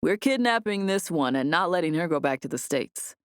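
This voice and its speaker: Easygoing young guy, light teasing, slightly low delivery, read by a woman narrator, in an audiobook. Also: lively intonation, fairly quick, dry recording, clean studio sound. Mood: easy teasing.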